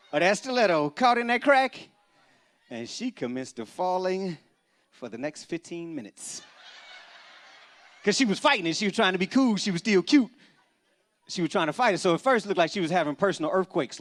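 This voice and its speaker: An animated male stand-up comedian, working a live audience from a church stage. His voice sits a little high for a man, and he tells punchy stories that break into loud bursts. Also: moderate pace, pauses often.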